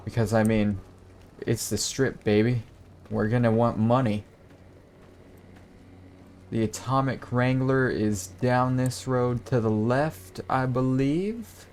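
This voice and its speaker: A man's voice: medium pitch, slow, long pauses, a little mellow, a little hiss or hum. A man commentating a video game playthrough casually, with crude jokes and swearing. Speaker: gaming host. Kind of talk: let's play commentary.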